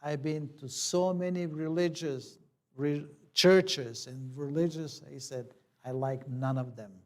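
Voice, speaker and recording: A man's voice: fairly high pitch, steady tone, takes it slowly. A man, a church elder, telling a personal story in a plain conversational sermon, acting out the dialogue.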